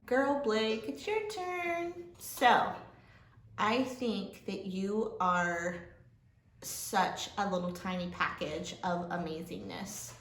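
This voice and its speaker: A woman's voice: medium pitch, slow pace. A woman giving heartfelt end-of-year praise to students, emotional and laughing. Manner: warm, emotional, laughing, gets choked up. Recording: echoey room with faint noise.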